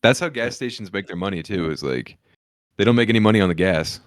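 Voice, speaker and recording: A man's voice: fairly low pitch, expressive, fast, no echo, studio quality. A young man co-hosting a comedy podcast, telling laid-back stories filled with "like". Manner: laid-back storytelling with frequent "like" and laughter-prone asides. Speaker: podcast co-host. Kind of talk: casual comedic chat.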